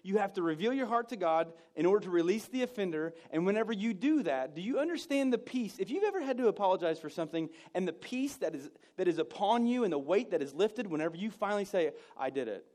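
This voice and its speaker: A man preaching a conversational sermon, self-mocking, with loud emphatic bursts and hushed asides. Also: high voice, expressive, fast, few pauses.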